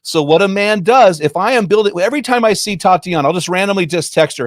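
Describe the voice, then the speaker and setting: A man's voice: high voice, animated, fast, dry recording, clean studio sound. Emphatic man speaking with preacher-like fervor. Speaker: ministry founder and guest. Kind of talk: impassioned Christian talk.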